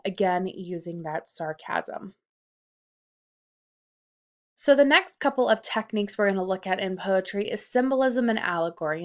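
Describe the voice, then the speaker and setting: A woman high school teacher narrating a recorded lesson over slides, explaining things clearly and reading out questions and answers.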